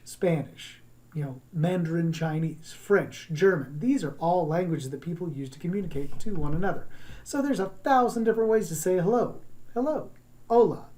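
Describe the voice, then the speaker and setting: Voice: medium pitch, a little mellow. A drama teacher from the States, giving a recorded online class in a chatty way that wanders into asides. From Southern United States. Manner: chatty, wandering into asides, drops into quick accent demos.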